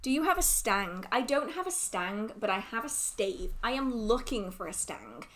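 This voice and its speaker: Woman chatting on a livestream, kinda high voice, giggly and rambly, gets emotional. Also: very animated, normal speed, a bit bright. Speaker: host answering viewer questions. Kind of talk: casual livestream Q&A chat.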